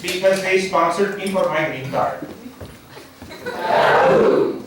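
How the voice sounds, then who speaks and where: A man's voice: high-pitched, moderate pace, a loud crowd, very noisy. A man in his forties doing a stand-up set, wry and dry, chatting with the audience. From Nigeria. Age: 40s. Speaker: stand-up comedian. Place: comedy club stage. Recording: echoey club room from far off.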